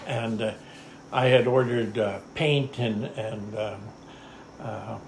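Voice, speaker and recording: An older man recalls old times in a rambling, chuckling way, with a rough, gravelly edge to his voice. He sounds as if he was recorded in an echoey room. A faint ambient noise sits behind him. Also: fairly low pitch, fairly even intonation, slow pace. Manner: rambling, chuckling storyteller who often says "anyhow". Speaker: interviewee. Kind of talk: oral history storytelling.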